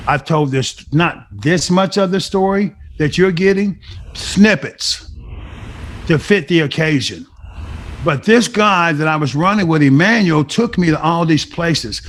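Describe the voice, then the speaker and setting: A man's voice: fairly high pitch, fairly bright tone, a little hiss or hum. Emphatic middle-aged man telling his story. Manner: emphatic storytelling, acting out remembered dialogue. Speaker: guest sharing a recovery story. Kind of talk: personal testimony.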